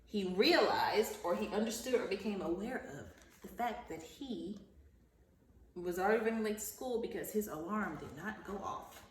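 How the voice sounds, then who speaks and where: A woman teacher giving a vocabulary lesson and reading a story aloud to children, speaking slowly and enunciating carefully, repeating words. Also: medium pitch. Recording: roomy, echoey sound from a distance off the mic.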